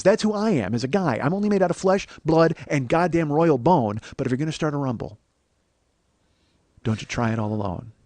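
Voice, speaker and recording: A man's voice: a little high, darkish tone, no echo, lightly acted. A man putting on a swaggering male rock singer who brags and trash-talks with plenty of swearing. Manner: boastful, profane trash talk.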